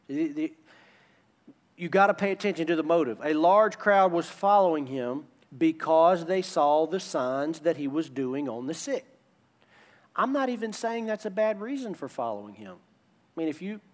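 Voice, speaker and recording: A man preaching a sermon as pastor, emphatic and repetitive, using call-and-response with the congregation. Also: high voice.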